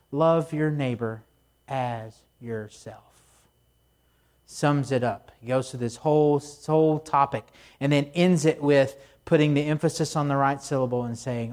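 A middle-aged male pastor preaching in an easygoing, chatty way. His voice sits a bit higher than most men's, and he often breaks off into little asides as he tells stories. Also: darkish tone. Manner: casual, storytelling delivery with asides. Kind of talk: conversational sermon.

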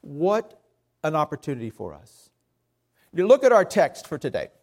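A man's voice: a little high, wildly swooping pitch, moderate pace, darkish tone. A middle-aged man with a Southern US accent preaching a sermon as pastor, folksy and self-deprecating.

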